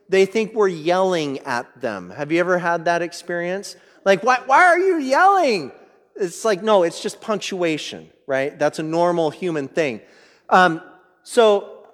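A man delivering a sermon with a slightly high voice. He talks in a conversational way and keeps checking in with the congregation. A long reverb trails each phrase, as if he is in a big hall. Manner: conversational, checks in with "right?" and "all right?"; reads scripture aloud, then explains it. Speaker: pastor.

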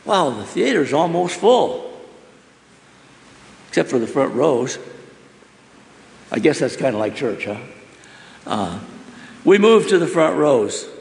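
A man's voice: a little high, very animated, a little slow, creaky, long pauses, darkish tone. Earnest male storyteller, emotional testimony, pleading questions; long hall reverb. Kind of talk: emotional first-person spoken testimony.

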